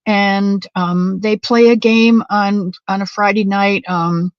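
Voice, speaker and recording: A woman's voice: medium pitch, fairly even intonation, takes it slowly, no room sound, lo-fi sound. A woman hosting a casual crochet livestream, chatting to viewers by name and drifting off onto side stories. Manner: chatty, addresses viewers by name, wanders off-topic. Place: home craft room.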